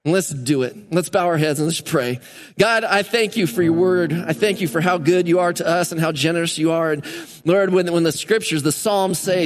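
A man's voice: on the high side, measured pace, big-room sound, soft background music. A male pastor preaching a sermon in a church, emphatic and repeating phrases for stress. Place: church sanctuary.

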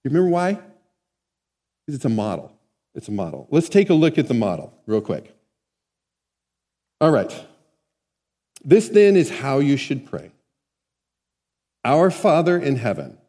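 A man's voice: medium pitch, sing-song, measured pace, pauses often, warm tone. A man preaching a sermon in a conversational way, often asking the congregation questions. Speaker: pastor. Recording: long hall reverb.

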